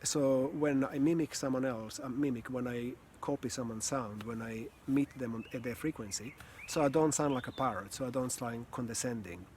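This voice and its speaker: An earnest male voice coach talks calmly, reflecting as he teaches about communication. His unhurried, mid-range delivery includes pauses, a few sighs and soft laughs, over a faint hiss.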